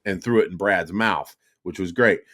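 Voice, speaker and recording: The voice is low and moves at normal speed: a middle-aged podcast host spinning casual, foul-mouthed anecdotes with frequent bursts of laughter.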